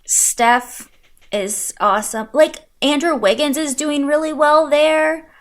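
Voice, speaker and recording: A woman's voice: high-pitched, steady tone, slow pace. A young woman co-hosting a casual podcast, agreeing often and adding laughing asides about sports. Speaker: podcast co-host.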